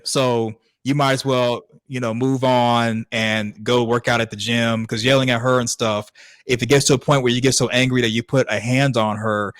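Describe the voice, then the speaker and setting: A man's voice: mid-range voice, a bit bright, dry recording. A man co-hosting a podcast, giving laid-back, wry commentary on a clip with plenty of fillers. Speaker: podcast co-host. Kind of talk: casual commentary.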